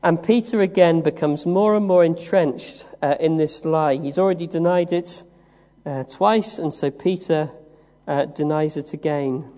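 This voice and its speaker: A man from the West Country of England preaching a sermon, telling the story slowly with many "uh" pauses. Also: fairly high pitch, mellow. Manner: measured storytelling with frequent "uh" pauses. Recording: long reverb of a large hall.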